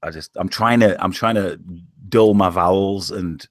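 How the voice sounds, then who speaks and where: A man's voice: sits low, a little slow, dry recording. An Englishman with a Yorkshire accent in a casual online chat, laid-back, swearing and laughing often. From England. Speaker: show host.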